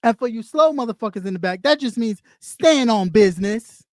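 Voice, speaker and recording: A woman's voice: on the high side, animated, fairly quick, darkish tone, no room sound, studio quality. A woman hosting a live stream, talking bluntly and profanely as she scolds her audience and repeats lines for emphasis. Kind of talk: ranting live stream commentary.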